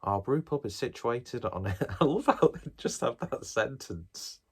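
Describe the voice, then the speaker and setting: A man's voice: medium pitch, lively intonation, measured pace, a little mellow, husky. A man chatting casually and wryly as he reviews a beer, dropping the odd swear word. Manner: chatty and wry, with off-the-cuff swearing.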